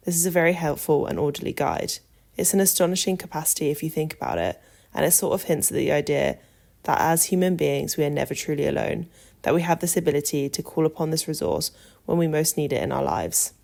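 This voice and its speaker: A woman hosting a podcast, reading a script calmly and adding her own asides. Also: deep voice, gravelly. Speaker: podcast host.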